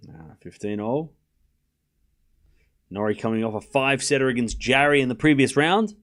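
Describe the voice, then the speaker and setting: A man's voice: mid-range voice, lively intonation, normal speed, a bit bright. A man with an Australian accent hosting a live stream, giving casual commentary and chatting with viewers in a rambling, self-deprecating way, swearing now and then.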